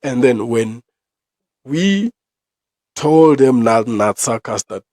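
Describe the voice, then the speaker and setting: A young South African man hosting his own podcast. He gives opinion commentary in a ranting, profane way, with sudden loud outbursts. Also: mid-range voice, lively intonation, slow pace, no echo. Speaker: podcast host.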